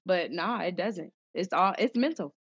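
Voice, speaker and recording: A woman's voice: fairly low pitch, normal speed, husky. Young woman from socal chatting, lots of ums, acts out voices, dull lo-fi audio. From Southern California. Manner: animated, acts out quoted voices, many fillers. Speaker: guest, former pro basketball player. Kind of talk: casual storytelling interview. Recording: dull lo-fi sound.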